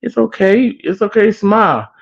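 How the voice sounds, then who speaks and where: A man doing a calm, smiling company boss. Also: high-pitched, moderate pace, vocal fry, lo-fi sound, voice pushed up, full character voice. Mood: gently chiding. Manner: patient, gently chiding.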